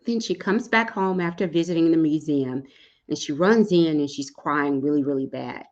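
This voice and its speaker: A woman's voice: low-pitched, moderate pace, darkish tone. A woman hosting a podcast, earnestly sharing a personal story and speaking directly to grieving parents. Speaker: podcast host. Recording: dull lo-fi sound.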